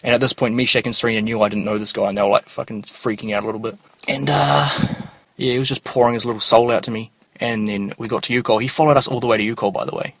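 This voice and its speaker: A man's voice: lowish voice, fairly even intonation, fast talker, dry recording. A young man telling rambling, slangy stories as a podcast host, swearing often. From New Zealand. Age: young adult. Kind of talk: casual storytelling monologue.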